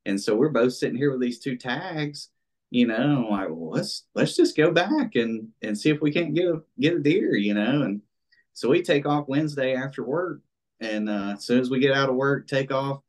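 A bow hunter being interviewed tells a hunting story in a mid-range voice at a moderate pace. He rambles casually with plenty of fillers and animatedly acts out what people said.

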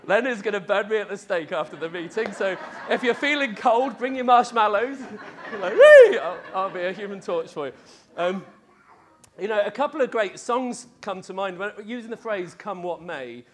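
High-voiced jokey male preacher. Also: expressive, moderate pace, fairly bright tone. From Wales lived in, not grown up. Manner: jokey, conversational, lots of fillers and laughs. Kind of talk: lively sermon.

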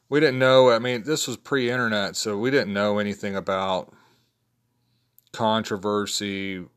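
A man in his fifties talking casually and rambling through his favorite picks, with plenty of fillers and restarts. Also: fairly bright tone. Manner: rambling, low-key, many fillers and restarts. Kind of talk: casual spoken list of favorites.

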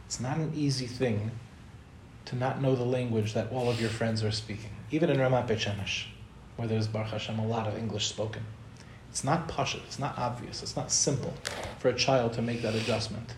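A man's voice: mid-range voice, steady tone, brisk, slight background noise. A man giving a spiritual talk to an audience, conversational and storytelling, acting out the people he quotes. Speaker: Torah teacher. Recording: roomy echo, faint ambience.

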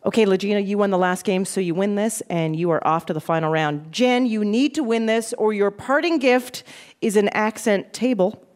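A woman's voice: medium pitch, normal speed, a little mellow. A woman hosting a quiz game, playful and joking with the contestants. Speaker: quiz show host.

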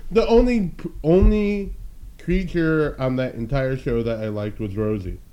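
A man's voice: mid-range voice, measured pace, dark tone, highs cut off. A man co-hosting a casual chat, joking crudely and laughing often. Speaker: podcast co-host.

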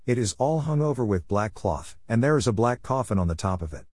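A man's voice: medium pitch, animated, brisk, a little mellow, husky, no echo, clean studio sound. A man voicing an old superstitious countrywoman who speaks in grave warnings. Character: old Irish-style countrywoman, superstitious and fearful.

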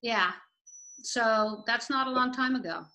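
Bright-voiced Canadian woman chatting. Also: a little high, unhurried. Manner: chatty, self-correcting, laughs easily. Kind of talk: casual chat.

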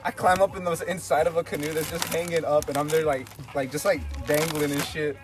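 Young male podcast co-host, animated storyteller, slightly raised pitch, swears freely. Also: brisk. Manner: animated, swearing, acts out dialogue with lots of "like". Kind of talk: casual storytelling among friends.

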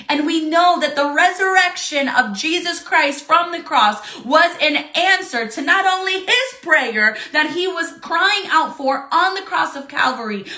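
A woman teaching a Bible study lesson, earnest and excited, reading scripture aloud with feeling. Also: very high voice, reverberant.

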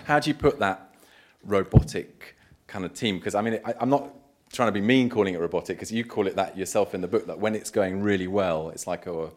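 A man's voice: low voice, brisk, few pauses. A man interviewing a guest at a live event, asking long, wandering questions with many restarts.

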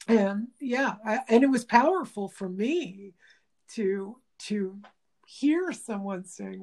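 A woman's voice: mid-range voice, expressive, takes it slowly, creaky, a little mellow. A woman workshop teacher talking in a reflective interview, thoughtful and searching for words, often restarting.

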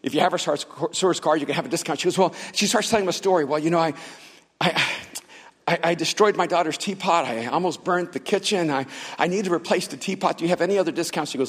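A man preaching a sermon, telling stories with acted-out dialogue and building to loud, fervent passages. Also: a little high, quick pace, husky. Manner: storytelling with acted-out dialogue, rising to shouts. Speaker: pastor. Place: large church hall. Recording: long hall reverb.

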